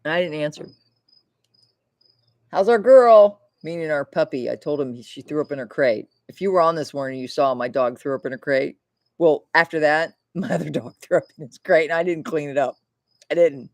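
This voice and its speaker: A woman's voice: deep voice, brisk, no room sound. Chatty, swearing woman livestreamer. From Florida. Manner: rambling, chatty, swears freely. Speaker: livestream host. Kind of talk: casual livestream chat.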